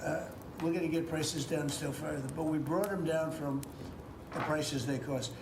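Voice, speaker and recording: A man's voice: on the high side, fairly even intonation, normal speed, natural voice. A man doing a comedic impression of a boastful, rambling male politician in a video clip, repeating his boasts. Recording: roomy clip with background noise.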